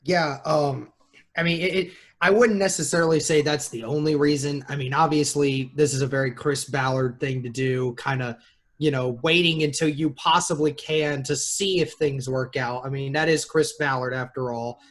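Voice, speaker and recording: A man's voice: on the high side, fairly even intonation, normal speed, a bit bright. A man guesting on a sports podcast, chatty and opinionated. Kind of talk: casual sports podcast talk.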